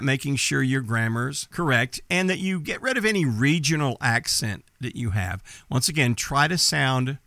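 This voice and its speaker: A middle-aged man from East Texas with a light Texas accent, coaching listeners in a direct, confident podcast talk with pitch jumps for emphasis. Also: a bit bright, no room sound, studio quality. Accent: light Texas accent, mostly neutral. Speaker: entertainment business coach, podcast host.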